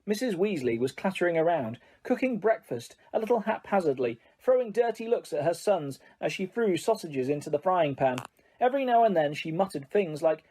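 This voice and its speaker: An audiobook narrator reading a story in a soft, hushed, even way. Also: mid-range voice, brisk.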